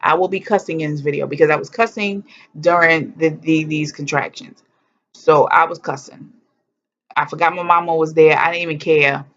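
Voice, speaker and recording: A woman's voice: sits low, steady tone, normal speed. A woman vlogger telling a personal story in a candid, humorous and blunt way, swearing freely. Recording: dull lo-fi sound.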